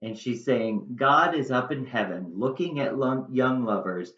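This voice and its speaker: A man's voice: medium pitch, measured pace. A man teaching, explaining a monologue line by line in plain, casual modern words. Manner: plain-spoken, paraphrasing into casual modern talk. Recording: echoey room, dull lo-fi sound.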